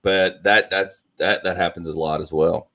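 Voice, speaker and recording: A man chats casually on a podcast in a low voice with a bright edge. He mostly listens and backs his partner up with short replies, then tells a short story of his own. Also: steady tone, moderate pace. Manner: supportive listener, short backchannels. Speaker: podcast co-host. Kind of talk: casual chat.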